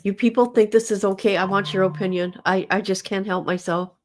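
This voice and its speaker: A woman's voice: medium pitch, fairly even intonation, a little fast, a little hiss or hum. An older woman hosting a casual livestream, talking bluntly with exasperation, stammering and breaking into laughter. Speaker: livestream host.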